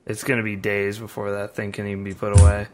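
A man's voice: lowish voice, monotone, fast talker, noisy background. A man on a podcast, chatting about his weekend in a laid-back, easygoing way. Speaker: podcast co-host. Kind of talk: casual chat.

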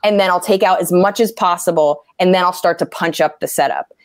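A woman comedian talking casually about writing jokes, animated and swearing freely as she acts out angry quotes. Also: lowish voice, brisk, no room sound, clean studio sound. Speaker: stand-up comedian. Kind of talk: casual interview talk.

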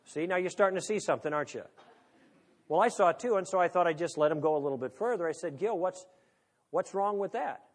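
A man's voice: fairly high pitch, very fast. A man lecturing an audience in a conversational, wry way, leaning on rhetorical questions. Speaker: speaker.

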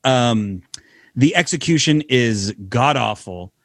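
A man's voice: mid-range voice, lively intonation, slow pace, a bit bright, dry recording, clean studio sound. A young adult man co-hosting a podcast, trading loose, opinionated banter, swearing and laughing often. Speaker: podcast co-host. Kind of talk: casual chat.

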